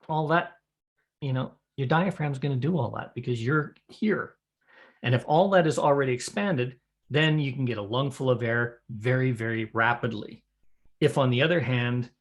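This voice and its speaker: A middle-aged man teaching would-be square dance callers about breathing and voice care, in a folksy, practical way, showing what he means as he talks. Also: mid-range voice. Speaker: square dance calling instructor. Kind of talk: spoken lesson to a camera.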